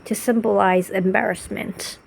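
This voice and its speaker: Woman vlogger in her thirties, enthusiastic, rambling, mid-pitched. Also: fairly even intonation, moderate pace, vocal fry, husky. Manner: gushing, enthusiastic, rambling with restarts. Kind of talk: casual monologue to camera.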